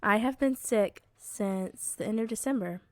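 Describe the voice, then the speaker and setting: A woman's voice: medium pitch, darkish tone, no room sound. A woman co-hosting a gaming podcast in a chatty, bubbly way, her voice worn by a cold. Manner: chatty and bubbly, quick to laugh. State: sick, hoarse voice. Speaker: podcast co-host. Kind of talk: casual chat.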